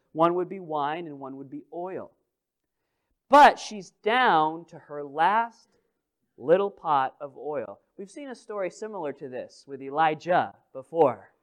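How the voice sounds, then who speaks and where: A man gives a sermon, his voice high, clear and smooth. His tone with the congregation is chatty and humorous, and he shifts from forceful, loud phrases to soft remarks on the side.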